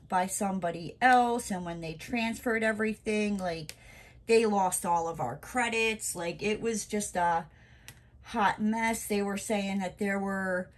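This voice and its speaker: A woman venting in a casual crafting vlog, exasperated and emphatic, full of "you know" and "like.". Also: mid-range voice. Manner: lots of fillers like "you know" and "like". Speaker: crafting vlogger. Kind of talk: casual chat while crafting.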